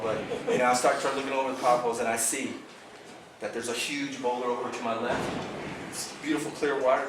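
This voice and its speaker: A man in a club meeting, telling an excited fishing story and acting out the sounds and the things people said. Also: medium pitch. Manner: excited, vivid, acts out sounds and quotes. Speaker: bass fishing club member. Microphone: far camera. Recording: roomy, distant camera audio with background noise.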